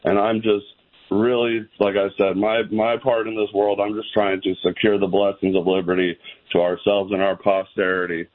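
Excited man calling in by phone. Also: lowish voice, normal speed. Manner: enthusiastic, gushing. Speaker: caller. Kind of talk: call-in radio chat. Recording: phone line.

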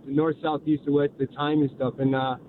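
An older man calling in to a radio show, talking in a rambling, halting way. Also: fairly high pitch, level tone. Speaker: caller. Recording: noisy phone line from a moving vehicle.

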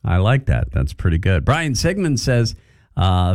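A man's voice: low voice, huge pitch swings, measured pace, gravelly, a little mellow, no echo, studio quality. A man hosting a morning radio show, chatting casually and laughing easily. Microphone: studio mic.

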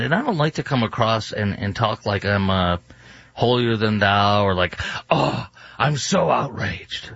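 A man's voice: lowish voice, a bit bright, no echo. A male talk show host ranting in an indignant, opinionated monologue with many fillers and restarts. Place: studio in Dallas. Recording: dull, dry studio recording.

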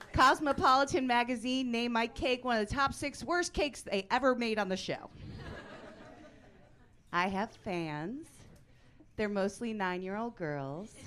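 A woman in her forties performing a stand-up comedy set in a club, brash and deadpan, acting out the people she quotes. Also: medium pitch, slight background noise.

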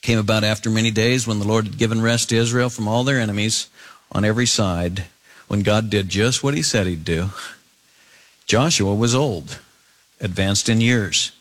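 A man preaching an expository sermon, climbing to emphatic high peaks and dropping low and quiet to read scripture. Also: normal speed. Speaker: pastor.

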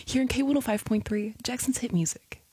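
A young woman radio DJ chatting casually between songs, animated and self-mocking. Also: a little high, a little fast, slightly rough, no echo.

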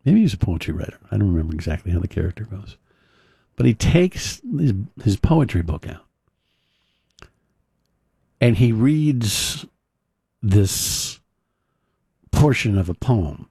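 Male talk radio host, loose storyteller, low-pitched, dry studio sound. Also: big pitch swings, a little slow, vocal fry, pauses often, dark tone, husky, no echo. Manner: rambling storyteller with fillers and restarts. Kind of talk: casual talk radio monologue.

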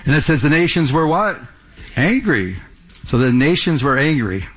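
A man's voice: fairly high pitch, big pitch swings, normal speed, a bit bright, slightly rough. A man pastor preaching a verse-by-verse sermon in a conversational way, often repeating words and asking the congregation questions.

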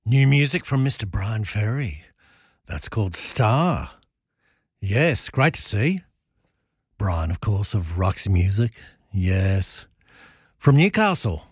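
A low, husky man hosts a music show in a chatty, gossipy way. He chuckles as he goes and keeps nodding along with his own remarks. His voice sounds close and dry, with little room around it. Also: sing-song, slow, pauses often, no echo. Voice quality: chuckles often and affirms himself with repeated "yes".

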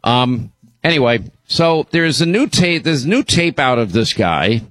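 A man's voice: medium pitch, animated, a little slow, a bit bright. A man hosting a radio and podcast show, talking in a blunt, indignant way with many restarts. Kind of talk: talk radio commentary.

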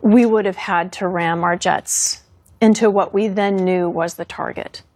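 Husky woman recalling a fighter pilot mission. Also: medium pitch, a little slow. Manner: earnest, steady and resolute. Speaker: former fighter pilot, interviewee. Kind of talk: recounting interview.

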